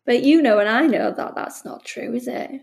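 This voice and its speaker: A woman's voice: a little high, normal speed, vocal fry. A middle-aged woman, talking earnestly about her work as a bereavement midwife in a casual interview, often restarting and acting out conversations. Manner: earnest, emotional, frequent restarts and quoted dialogue. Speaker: bereavement midwife, podcast guest.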